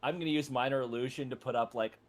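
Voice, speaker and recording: A man's voice: medium pitch, fairly even intonation, fast talker. A man playing in a tabletop game, laid-back and chuckling through what his character does. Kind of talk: tabletop role-play chat.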